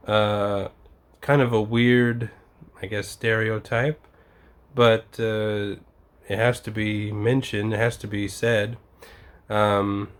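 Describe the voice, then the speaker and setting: A young man telling stories in a casual vlog, ranting and swearing freely as he gets exasperated. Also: medium pitch. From United States. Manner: profane, exasperated storytelling. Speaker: vlogger.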